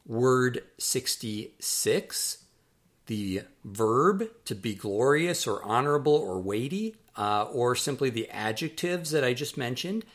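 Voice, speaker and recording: Slow, deliberate man drilling pronunciations. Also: mid-range voice, very animated. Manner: repeats each word twice, careful and measured. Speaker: author teaching vocabulary.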